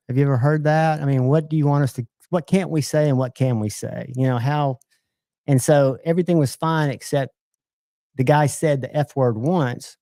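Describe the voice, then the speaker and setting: A man's voice: medium pitch, dark tone, no room sound. A middle-aged man hosting a livestream, chatting casually and joking as he tells rambling stories. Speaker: livestream host.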